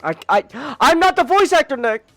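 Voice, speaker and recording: A man's voice: very high voice, big pitch swings, moderate pace, vocal fry, a bit bright, no echo, soft background music. Joking man streamer, close and dry. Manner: joking complaints and protests. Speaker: vtuber streamer. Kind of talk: casual stream banter.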